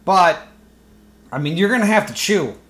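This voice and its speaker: Expressive and a bit bright, this medium-pitched voice moves at normal speed through a profane, sarcastic solo rant on a podcast. The host rambles comedically, restarting and using fillers, and lapses into mocking impressions.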